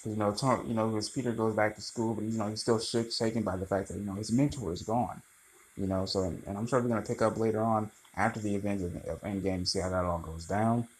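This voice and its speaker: A man rambling through a casual, animated movie review, swearing freely. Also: lowish voice, fast, rough recording.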